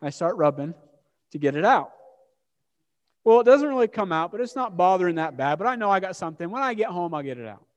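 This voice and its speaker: A man preaching a sermon as an animated, self-mocking story. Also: high-pitched, fast, dull audio. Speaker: pastor. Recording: long hall reverb.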